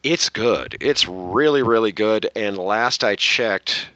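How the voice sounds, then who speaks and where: A man's voice: on the low side, slow, sharp tone, no room sound, lo-fi sound. A man co-hosting a casual group chat podcast, talking in a chatty, self-interrupting way. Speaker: podcast co-host.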